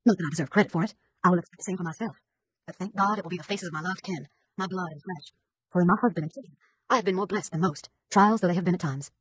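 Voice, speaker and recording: A woman's voice: fairly low pitch, rapid-fire, slight background noise. A woman reading a first-person chapter of a novel as an audiobook, with an indignant, gossipy manner. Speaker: audiobook narrator.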